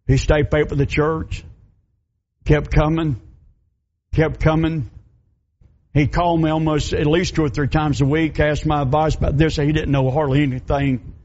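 A man's voice: fairly high pitch, darkish tone. A middle-aged man, a pastor preaching and telling a story in folksy, emphatic, repeating phrases. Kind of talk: sermon storytelling. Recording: dull lo-fi recording.

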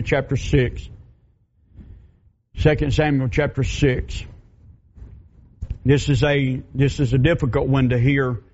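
A male pastor delivers a folksy sermon, slipping into the voices of people in his stories. His voice sits a little high. The recording is dull and lo-fi. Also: darkish tone, slight background noise. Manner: folksy storytelling, acts out quoted voices. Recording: dull lo-fi sound.

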